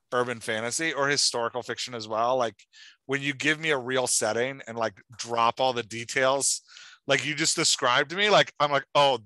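A man's voice: medium pitch, pushed and bright, no room sound. A man hosting a podcast and giving writing feedback in an enthusiastic, chatty way, with lots of "like". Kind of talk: casual chat.

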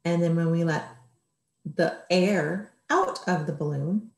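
A woman teacher giving a gentle distance-learning lesson to young children. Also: on the low side, roomy sound. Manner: gentle, slow, speaking to small children.

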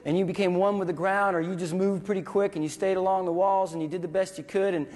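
A man's voice: high-pitched, steady tone, fast, darkish tone. A man telling a vivid story in a speech, acting out sounds and voices. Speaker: veteran speaker. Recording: hall reverb.

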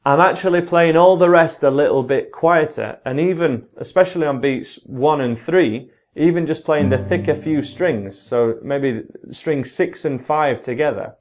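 A British man teaching guitar, explaining strumming and slowly counting the beats aloud. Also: a little high. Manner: counts along in a slow, drawn-out voice. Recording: guitar playing loudly behind the voice. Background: his own guitar playing.

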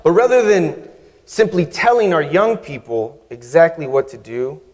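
A man preaching a sermon as guest preacher, measured and humorous, with emphatic pauses. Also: a little high, darkish tone. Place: church sanctuary. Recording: reverberant church hall.

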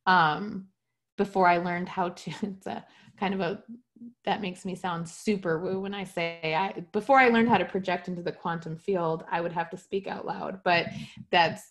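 A woman's voice: lowish voice, steady tone, normal speed. Chatty woman teaching over a video call. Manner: casual, chatty, often checks in with listeners; light self-mocking humor. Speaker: spiritual teacher. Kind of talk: online class.

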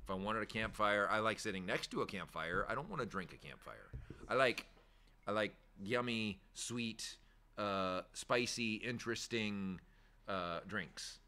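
A man's voice: on the low side, measured pace, sharp tone. A man hosting a casual chat show, rambling and candid, swearing freely and laughing easily. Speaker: shop owner hosting a weekly chat show.

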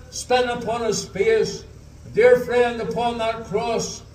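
Northern Irish male gospel preacher, very high voice, slow, earnest open-air pleading, distant echoey sound. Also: darkish tone. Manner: earnest pleading appeals, repeated "dear friend", slow drawn-out scripture quotes. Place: outdoor harbour drive-in gospel meeting. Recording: echoey, voice from far off the mic.

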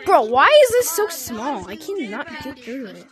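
A young woman giving excited, exclaiming commentary while playing a VR game. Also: sits high. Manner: squealing, exclaiming, quick mood swings. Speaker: gameplay vlogger. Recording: noisy game audio behind.

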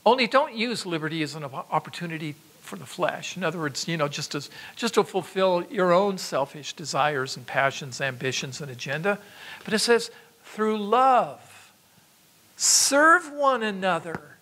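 A man's voice: on the high side, expressive, fairly quick, fairly bright tone. A man preaching a sermon, exhorting his listeners with emphatic repetitions and asides to them. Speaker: pastor.

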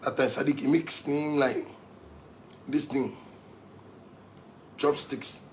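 A man's voice: medium pitch, fairly even intonation, takes it slowly, slight background noise. A man with a Ghanaian accent delivering an angry, profane rant to his audience, repeating himself for emphasis. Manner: heated, profane, repetitive.

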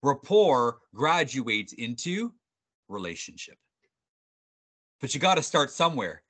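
Bright, upbeat male sales trainer. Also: mid-range voice, unhurried. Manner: upbeat, animated, jokey, with frequent restarts. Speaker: sales trainer presenting a webinar. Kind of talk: energetic workshop presenting. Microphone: video call.

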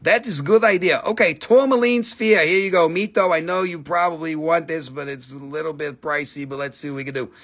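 Male live-stream crystal seller, raunchy jokester, auctioneer-style price calls, voice sits a bit high. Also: fairly even intonation, fairly quick, few pauses, a bit bright. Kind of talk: casual live-stream selling chat.

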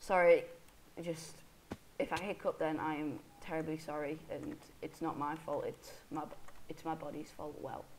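Woman, hiccuping gamer, chatty and self-mocking, lowish voice, casual let's-play commentary. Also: flat delivery, normal speed, a little hiss or hum, poor audio. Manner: chatty, self-deprecating, talks to in-game animals. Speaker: Minecraft let's player.

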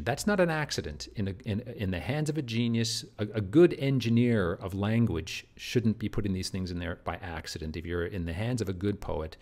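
A man with a fairly low voice gives a recorded literature lecture. He talks in loose, searching phrases, often repeats and restarts words, and keeps checking in with his listeners. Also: gravelly, darkish tone.

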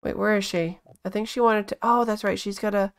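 A woman giving casual let's-play commentary, chatty and bossing her game characters around with quick exclamations. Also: medium pitch, steady tone. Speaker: gaming channel host.

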